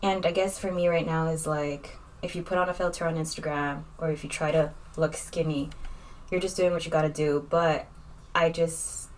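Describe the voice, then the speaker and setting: A woman's voice: low-pitched, steady tone, normal speed, a little hiss or hum. A young woman chatting casually in a makeup vlog, rambling and candid, with lots of fillers as she talks. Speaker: vlogger.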